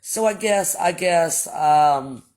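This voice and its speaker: A man's voice: a little high, slow pace, darkish tone. A man hosting a livestream who tells a story in a casual, blunt, profane way and talks straight to his viewers. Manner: blunt and profane, addresses chat as y'all. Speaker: livestream host.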